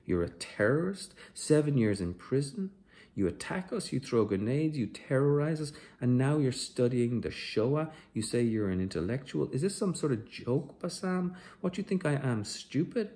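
A man's voice: medium pitch, big pitch swings, normal speed, warm tone, voice pushed up. A man reading as a sneering airport interrogator. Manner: mocking, aggressive questioning. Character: hostile male airport security interrogator, sneering and suspicious.

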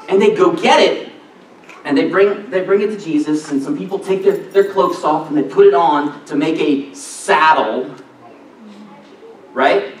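A man preaching a sermon in a church, excitable and animated, often breaking off mid-sentence. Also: high-pitched, slow, a little hiss or hum. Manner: excitable, animated, self-interrupting. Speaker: pastor. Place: church sanctuary. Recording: echoey church hall, distant mic.

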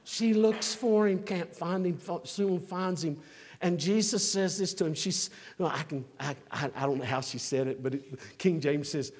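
A man's voice: a little high, moderate pace, breathy edge, long reverb tail. Emphatic man in his sixties preaching. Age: 60s. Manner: emphatic, rising to near-shouts then dropping to a conversational aside. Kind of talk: sermon. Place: church.

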